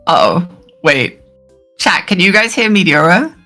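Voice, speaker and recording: A woman streamer chatting casually, halting and repeating words, laughing often. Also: fairly low pitch, sing-song, pushed and bright, faint music behind. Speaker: streamer and collab guest.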